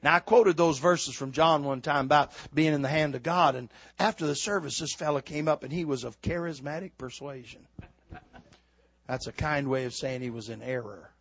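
An older man preaching a sermon, swinging from shouted exhortation to quiet, folksy storytelling. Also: fairly high pitch, normal speed, husky, lo-fi sound. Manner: fiery preaching, builds to shouts then drops to quiet storytelling.

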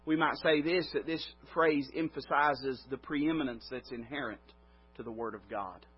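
A male preacher giving a sermon in an emphatic way, his voice swelling and then dropping low. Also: expressive, moderate pace, slightly rough. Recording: dull lo-fi recording.

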